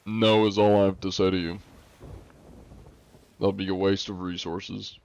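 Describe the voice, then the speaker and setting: A man with a put-on Russian accent chats and teases his viewers while he plays a game, his voice sitting fairly low. The stream audio sounds a little muffled and dull. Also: level tone, unhurried, vocal fry, darkish tone. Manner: joking, teasing, playing a mock-Russian persona. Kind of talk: casual livestream gaming chat.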